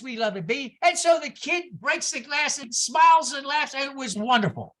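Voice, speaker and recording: During a church service, a female minister with a high voice preaches, animatedly narrating stories full of exclamations. She also turns to the congregation with asides.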